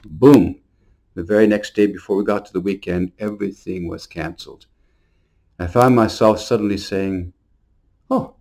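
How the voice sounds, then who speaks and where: A male priest speaks in a low, steady voice. He delivers a short New Year homily earnestly, moving into storytelling and now and then repeating a word as he goes. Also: normal speed. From Montreal.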